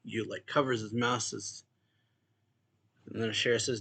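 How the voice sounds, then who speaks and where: Bright-voiced young man recapping casually. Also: lowish voice, fairly even intonation, moderate pace, creaky, pauses often, husky. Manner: loose, chuckling retelling with filler words. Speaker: manga reaction host.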